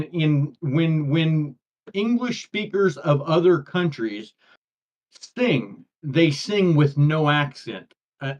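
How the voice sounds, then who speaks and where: A man, co-hosting a casual chat and rambling through restarts and fillers. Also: fairly high pitch. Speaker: podcast co-host. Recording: dull lo-fi audio.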